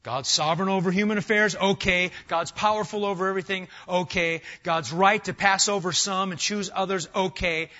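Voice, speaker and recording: A man preaching an expository sermon to a congregation, animated and emphatic, firing rhetorical questions and talking straight to his listeners. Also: high voice, normal speed, hardly any pauses, dull audio. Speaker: pastor. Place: church sanctuary with a live congregation.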